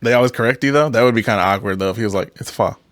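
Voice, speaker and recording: A man's voice: mid-range voice, rapid-fire, a bit bright, no room sound. A man co-hosting a podcast with blunt, joking banter full of slang and swearing. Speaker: podcast co-host. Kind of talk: casual chat.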